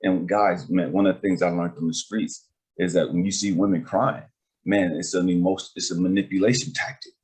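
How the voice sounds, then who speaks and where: A man speaks in a somewhat low voice, hosting a casual conversation. He talks emphatically in streetwise slang and keeps checking in with his listener. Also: steady tone, brisk, a little mellow. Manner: emphatic, streetwise, repeats "you know what I mean". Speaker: host and life coach.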